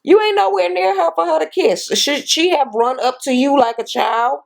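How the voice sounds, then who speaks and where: A woman's voice: high-pitched, moderate pace, vocal fry, few pauses. A woman vlogger recapping a reality TV episode in a casual rant. She is blunt, profane and sarcastic. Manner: sarcastic commentary.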